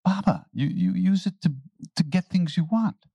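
A man's voice: high voice, normal speed, gravelly, warm tone, husky, dry recording, muffled recording, pitched above the performer's own voice, full character voice. A man voicing a flustered devotee who stammers as he pleads. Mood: pleading. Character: eager, flustered male devotee.

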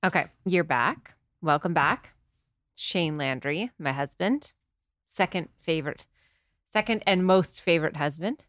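A woman's voice: sits low, fairly bright tone, no echo, studio quality. A woman hosting a podcast, chatting casually and playfully with her husband and laughing easily. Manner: playful, bubbly and quick to laugh. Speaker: podcast host.

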